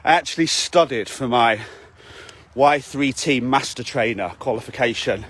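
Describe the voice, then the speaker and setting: A man's voice: medium pitch, normal speed, a bit bright, breathy edge. A man, a fitness coach, giving a blunt, sweary motivational talk to his camera while out walking, often asking "okay?". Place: outdoors on a walk.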